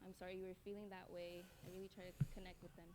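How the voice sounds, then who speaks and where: A woman's voice: fairly low pitch, little pitch movement, very fast. A young mother speaking earnestly and a little hesitantly in a discussion video. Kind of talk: interview-style discussion. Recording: loud background noise.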